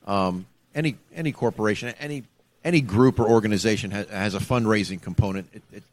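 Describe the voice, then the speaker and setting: A man from Florida, co-hosting a podcast and telling a story in a casual, animated way, acting out the voices he quotes. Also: lowish voice, quick pace, no echo. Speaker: podcast co-host.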